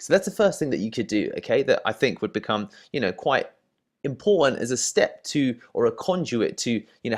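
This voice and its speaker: Chatty English man giving advice. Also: mid-range voice. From England. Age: 30s. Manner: chatty, stammers and repeats words, frequent "you know" and "right?". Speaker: dating coach. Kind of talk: casual advice talk to camera.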